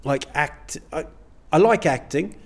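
A man's voice: fairly high pitch, lively intonation, measured pace, gravelly. A middle-aged man, a stand-up comedian, chatting casually as an interview guest in a rambling, self-deprecating way. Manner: rambling, self-deprecating, many "you know"s.

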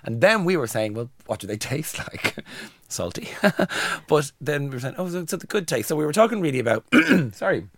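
A man's voice: on the high side, very animated, moderate pace, a bit bright, no echo. An Irish man co-hosts a podcast in a playful, teasing way. His voice swoops wildly up and down as he jokes. The sound is dry and close. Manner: playful, jokey, puts on voices. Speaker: podcast co-host. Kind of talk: casual chat.

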